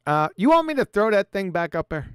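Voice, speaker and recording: A man's voice: high-pitched, big pitch swings, brisk, slight background noise. A man hosting a livestream in a casual chat, reading text aloud with chuckles and sarcastic asides.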